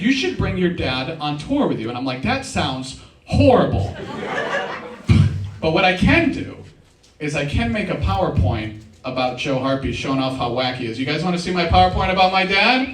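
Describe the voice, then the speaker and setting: A man's voice: a little high, sing-song, fairly quick, a crowd in the background. A young man performing a casual stand-up comedy set at a live show, often saying "dude". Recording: roomy live sound, mic at a distance.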